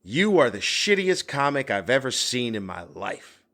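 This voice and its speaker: An angry, belligerent bar heckler yells accusations, as a comedian quotes him. The voice sits a little above the teller's own. It is loud and rough, with a man's everyday tone. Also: mid-range voice, sing-song, unhurried. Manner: yelling and accusing.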